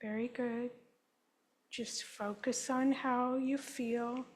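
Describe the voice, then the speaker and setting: Woman, conference presenter, guided group exercise, slow unhurried pace, fairly high voice. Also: steady tone, low-quality recording. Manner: slow, measured lead-in phrases for the audience to repeat. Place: conference session room.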